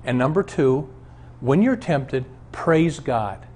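A man's voice: mid-range voice, animated, takes it slowly, darkish tone. A male pastor giving an earnest, emphatic Bible teaching and telling stories from his own life. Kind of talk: teaching sermon on a Bible show.

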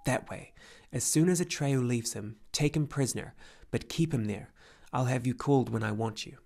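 A man voicing a cold, commanding young male hero who speaks softly. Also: medium pitch, normal speed, vocal fry. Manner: soft, cold.

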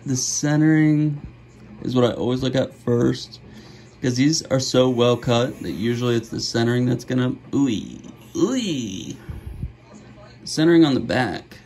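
A middle-aged man hosting a card-opening video, chatting casually and joking, with sudden gasps and bursts of excitement. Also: medium pitch, moderate pace, poor audio. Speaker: card-opening channel host. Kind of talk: casual pack-opening commentary.

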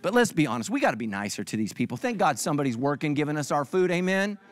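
A man's voice: a little high, big pitch swings, quick pace. A middle-aged male pastor giving a comedic sermon, acting out other people's lines for laughs.

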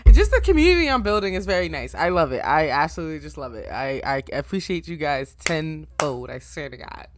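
Chatty, slangy woman with a low voice. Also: fairly quick, hardly any pauses. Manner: chatty, slangy and profane, with frequent fillers; animated, swinging between loud outbursts and low asides. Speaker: anime reaction YouTuber. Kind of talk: casual recap to viewers.

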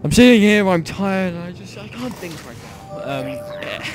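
A man's voice: high voice, very animated, normal speed, faint music behind. A young man from Ireland chatting casually while playing a game, rambling and joking, often trailing off mid-sentence. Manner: rambling, jokey, trailing off and restarting. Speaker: gaming channel host. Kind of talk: casual gameplay chat.

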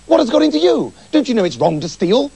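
Scandalised male doctors cry out at their friend in shrill, very high voices. A man plays them, husky and loud, in a comic storybook reading. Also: sing-song, quick pace, heavily acted. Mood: shocked. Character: two shocked grown male doctors, scolding.

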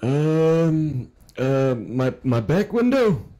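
A forgetful, befuddled old man, voiced by a man in a role-play game, stumbling and repeating himself as he searches for words. His tone is soft and mellow, never sharp. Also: on the high side, very animated, extremely slow, full character voice. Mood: confused, muddled. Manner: hesitant and repetitive, stammering. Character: confused, forgetful elderly man. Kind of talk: role-play driving stop.

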